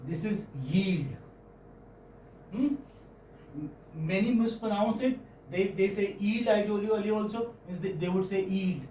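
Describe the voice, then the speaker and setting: A man's voice: high voice, dark tone. A man with an Indian English accent teaching phonetics in a classroom, often repeating words and checking with his students. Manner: pauses often, repeats words, checks understanding with "hmm?" and "okay?". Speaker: English professor. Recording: echoey room from far off, faint noise.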